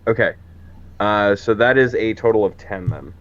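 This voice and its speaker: A man's voice: on the low side, moderate pace. A man playing a tabletop game, casual and laid-back, slipping into character banter. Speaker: player. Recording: muffled lo-fi mic.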